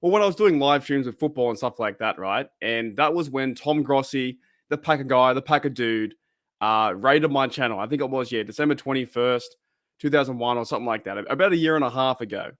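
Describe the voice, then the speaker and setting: A man's voice: mid-range voice, fairly quick, fairly bright tone, dry recording, clean studio sound. An Australian man hosting his channel, chatting casually about football with lots of fillers and rambling asides. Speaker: channel host. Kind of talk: casual fan commentary.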